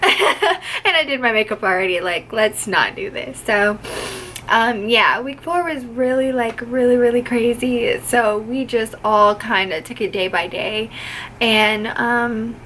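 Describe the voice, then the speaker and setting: A woman's voice: on the high side, measured pace, pushed and bright, slight background noise, rough recording. A young woman vlogging about finishing flight attendant training, gushing and emotional, close to tears, talking casually with lots of filler words. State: teary, on the verge of crying. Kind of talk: casual vlog chat.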